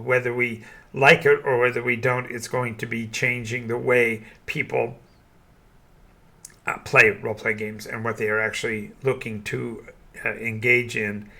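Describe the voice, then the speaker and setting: Halting older man with a bright voice. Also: medium pitch. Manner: halting, many restarts and fillers. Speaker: game master and channel host. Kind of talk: opinion monologue.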